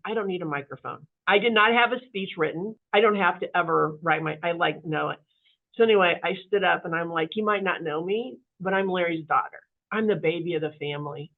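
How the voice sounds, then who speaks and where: Woman, interview guest, candid storytelling, animated, lots of fillers, tinny phone-like audio. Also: lowish voice, a little fast. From Kansas City area, US. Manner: animated, acts out quoted voices, many fillers. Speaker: podcast guest.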